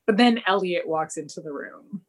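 A young woman co-hosting a podcast, casually recapping a TV episode and acting out the characters' lines. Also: normal speed. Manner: animated, acts out characters' lines with big pitch jumps. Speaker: podcast co-host.

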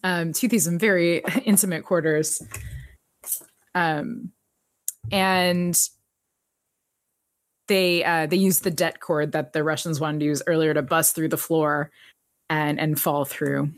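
Lively woman in casual recap chat. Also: deep voice, slow pace, pauses often, dry recording, studio quality. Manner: animated, laughs often, jumps into quoted voices. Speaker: podcast co-host recapping a TV episode.

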